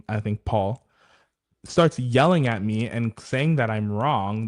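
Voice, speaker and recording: Young male podcast host, mid-pitched voice, reads listener stories aloud, laughs a lot. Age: young adult. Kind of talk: casual chat, reading stories aloud.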